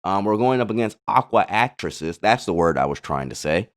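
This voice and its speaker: A man's voice: lowish voice, animated, normal speed. A man casually commenting on card-game replays in a laid-back, slangy way, full of chatty asides. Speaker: gaming channel host.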